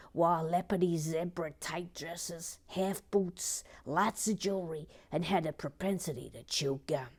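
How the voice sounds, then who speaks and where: A woman's voice: lowish voice, a little mellow, breathy edge. A woman putting on a Brooklyn accent to play a chatty woman from Brooklyn telling stories, reading a viewer's comment aloud.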